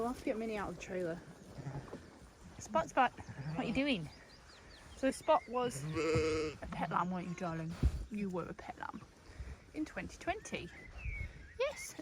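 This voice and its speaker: A woman shepherd, chatting casually on her farm and cooing fondly at her sheep. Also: on the high side. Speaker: shepherd and farmer. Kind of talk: casual vlog narration on the farm. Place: outdoors on a farm among sheep. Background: sheep and faint outdoor noise.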